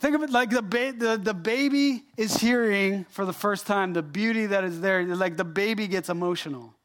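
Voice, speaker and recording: A man preaching a sermon, animated and emphatic, speaking directly to his congregation. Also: sits high, moderate pace. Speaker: pastor.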